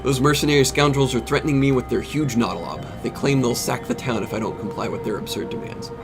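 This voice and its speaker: A prim and fussy village mayor who hurries to smooth things over , as a man reads her lines aloud. She sounds polished but evasive, with a gravelly edge. Game music plays behind her. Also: mid-range voice, quick pace, close to an everyday voice. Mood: flustered. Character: flustered genteel woman mayor of a village.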